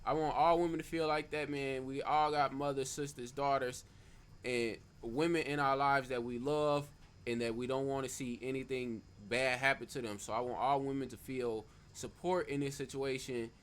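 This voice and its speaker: A man's voice: mid-range voice, steady tone, moderate pace, smooth. A man hosting a stream, reacting to a clip with emphatic, profane commentary that repeats phrases for stress.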